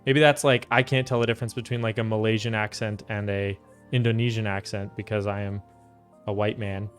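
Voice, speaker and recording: This young American talks a little fast in a fairly low voice as he assembles a keyboard. He's relaxed and chatty, reading out and replying to his stream chat over faint background music.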